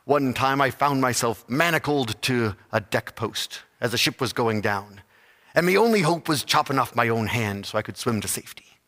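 A man voicing a gruff old male pirate who talks in a salty pirate way. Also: medium pitch, expressive, a bit bright, long reverb tail, close to an everyday voice. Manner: salty pirate talk with drawn-out "yar".

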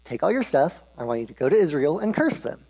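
A man's voice: fairly high pitch, very animated, quick pace, warm tone, breathy edge, full character voice. A man playing a bossy, threatening king. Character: bullying, threatening male king. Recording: long reverb of a hall.

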